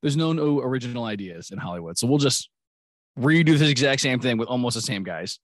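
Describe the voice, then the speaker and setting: A man chats casually on a podcast at a middling pitch. He rambles, laughs often and acts out movie scenes as he goes. His voice is close and dry. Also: animated, fairly quick, no echo. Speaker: podcast host. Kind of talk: casual chat.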